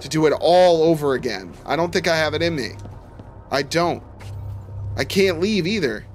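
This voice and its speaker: Young guy, live game commentary, expressive and profane, faint background music. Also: on the high side, normal speed. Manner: swears a lot, frustrated rants. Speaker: streamer.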